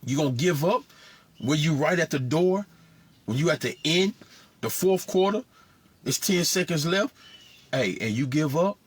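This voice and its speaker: A man's voice: fairly high pitch, fairly bright tone, husky. A man teaching scripture informally in street talk, saying "man" constantly. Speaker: preacher.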